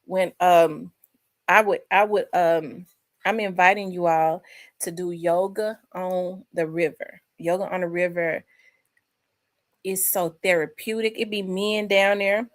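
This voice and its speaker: A woman chats casually, rambling from one thought to the next and talking straight to her viewers. Her voice sits fairly low. She sounds relaxed and at home. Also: a little slow. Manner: chatty, rambling, addresses viewers as y'all. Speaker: host. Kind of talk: casual chat with live viewers.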